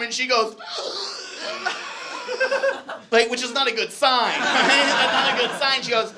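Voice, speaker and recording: A young man performing a stand-up comedy set, telling a story with animated energy and shouted punchlines. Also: very high voice, slow, noisy background. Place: comedy club stage. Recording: live crowd audible. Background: audience laughter.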